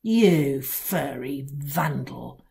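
A woman's voice: lowish voice, expressive, a little mellow. A woman doing a snarling, furious dad. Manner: snarling, slow and heavy. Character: grumpy furious middle-aged father.

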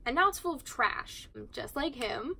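Bright-voiced chatty teenage girl. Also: high-pitched, expressive, measured pace, a little hiss or hum, low-quality recording. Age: teens. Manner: chatty, sarcastic, swears casually. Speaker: vlogger. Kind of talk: casual chat while cleaning.

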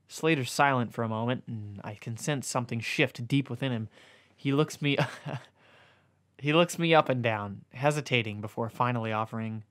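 A man reading a comic erotic novella aloud, mostly deadpan but stopping for amused asides and corrections. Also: mid-range voice, moderate pace. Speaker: reader.

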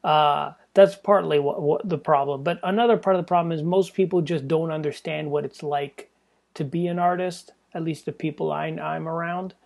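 A man rambles alone on his own podcast, making self-deprecating jokes and profane asides and slipping into a mock English accent for laughs. His voice is on the high side, steady, creaky, and somewhat dark, at a moderate pace.

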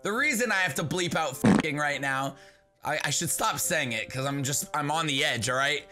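A young man riffs through online posts in a bright, cutting voice that swings up and down in pitch. He is excitable and swears freely. His talk is loose and comedic, the kind of casual commentary that tips into laughter. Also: moderate pace, soft background music. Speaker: YouTuber reacting to online posts.

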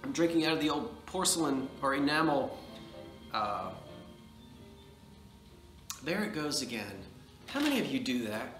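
A rambling, chatty man with a New Jersey accent talks casually to camera at home, a little nasal from allergies. His voice is bright and forward. The room rings with echo, and soft music plays faintly behind him. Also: mid-range voice, very animated, measured pace, pauses often. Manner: rambling, chatty, folksy asides. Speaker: vlogger, antiques seller.

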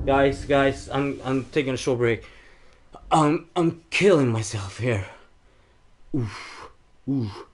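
A man's voice: slow, long pauses, a little hiss or hum. A man livestreaming a horror game, reacting in frightened, swearing outbursts and nervous laughs. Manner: lively, dramatic pitch swings between yelps and mutters. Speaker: livestream gamer.

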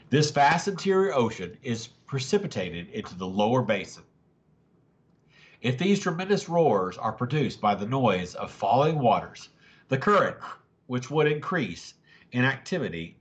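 A man reading a classic adventure novel aloud to a family audience with dramatic narration. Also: medium pitch. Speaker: family story reader.

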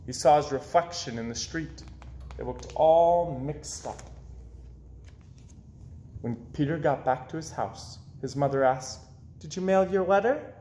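A man reading children's picture books aloud in an expressive storytelling voice. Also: mid-range voice, a little slow, pauses often, echoey room, a little hiss or hum. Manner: expressive, with swoops up and down. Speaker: children's book reader.

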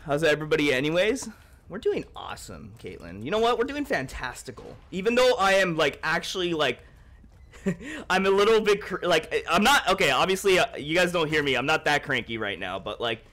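A young man livestreaming a game in casual chat, excitable and joking as he thanks his chat. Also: a little high, fairly quick.

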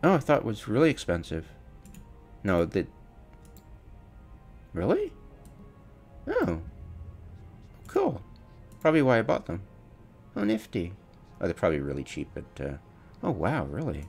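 Man, low voice, animated, self-mocking, laughing, casual game commentary. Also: moderate pace, gravelly, long pauses, soft background music. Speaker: gamer streamer.

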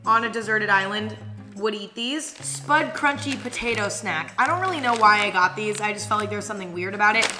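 In her casual taste-test vlog, a young woman speaks a little fast in a medium-pitched voice. She's blunt and candid, swearing now and then, over faint background music.

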